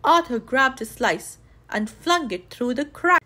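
A woman reading a children's book aloud, bringing the characters' lines to life with excitement. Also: high-pitched, a little slow. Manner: lively, voices characters' lines with raised excitement. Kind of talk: read-aloud storytelling.

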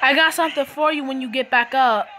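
A woman with a high voice talks quickly in a pushed, bright tone over a slight hiss or hum. Captured on her phone's screen recorder, she chats casually while playing a mobile game, trash-talking and laughing at her opponents in good fun.

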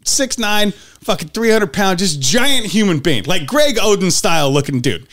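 A man's voice: sits high, expressive, moderate pace, a bit bright. A man co-hosting a podcast, telling a profane story in casual chat and acting out his friends' lines. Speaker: podcast co-host.

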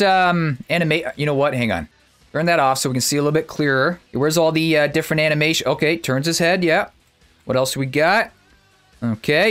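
A man giving casual, excitable commentary while playing a video game, chatty and quick to exclaim, speaking into a desk mic at his computer. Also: fairly high pitch. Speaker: gaming YouTuber.

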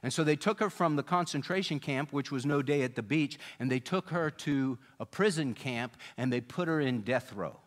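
A man's voice: lively intonation, normal speed, hardly any pauses. A man preaching a sermon, telling a story and acting out the people in it with a raised voice. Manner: storytelling, voicing quoted people with rising pitch and volume. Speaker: pastor.

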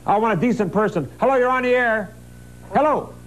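A man's voice: sits high, animated, fairly quick, low-quality recording. A middle-aged man hosting a 1980s call-in TV show who insults his callers and cuts them off. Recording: faint hum, 1980s TV broadcast.

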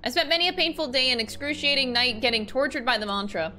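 Young female streamer, bright and excitable, casual sweary commentary. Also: sits high, fast. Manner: excitable and sweary, laughing often and switching between voices. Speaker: gaming streamer.

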